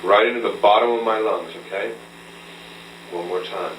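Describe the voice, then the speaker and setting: A male vocal coach talks a student through a hands-on breathing lesson, patient and instructive. His voice sits low. The old recording is roomy and faintly humming, with the mic set some way off. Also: moderate pace, fairly bright tone. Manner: patient, instructive, checks in with frequent "okay?". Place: room with a mirror. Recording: roomy, distant, faint hum, old tape.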